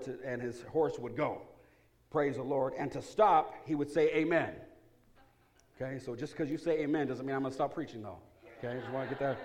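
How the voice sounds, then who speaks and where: Lively pastor preaching to his church. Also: on the high side, brisk. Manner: energetic, humorous, swings from hushed prayer to loud excitement. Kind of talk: sermon. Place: church sanctuary.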